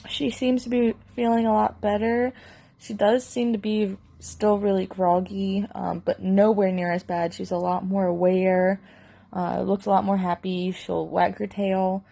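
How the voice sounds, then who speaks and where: A woman's voice: mid-range voice, little pitch movement, a little slow, vocal fry, warm tone, no room sound, low-quality recording. A young woman talking casually to camera about her sick dog, worried and rambling with many fillers and restarts. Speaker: pet owner vlogging her dog's recovery. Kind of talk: casual video diary. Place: at home, indoors then yard.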